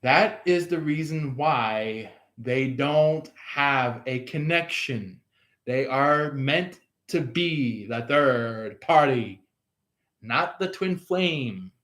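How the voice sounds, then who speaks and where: A man's voice: medium pitch, expressive, very slow, a bit bright. A man giving a casual tarot reading, rambling with many fillers and restarts. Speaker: tarot reader.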